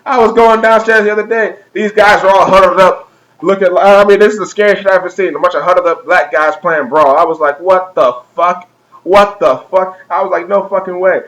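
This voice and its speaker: A young man with a slightly high voice delivers a comedic vlog rant. He is profane and over the top, and breaks into laughter at his own jokes as he goes. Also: steady tone, fast talker, fairly bright tone, low-quality recording. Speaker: vlogger.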